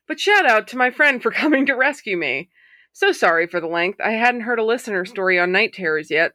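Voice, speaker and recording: A woman's voice: fairly high pitch, sharp tone, dry recording, studio quality. A woman hosting a podcast, reading listener stories aloud in a casual way, swearing freely and laughing often. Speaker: podcast host.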